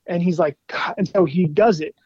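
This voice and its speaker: A man guesting on an interview show, telling animated stories in a casual chat, laughing often and saying "like" a lot. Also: high-pitched, normal speed, breathy edge, no room sound, highs cut off. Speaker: guest musician.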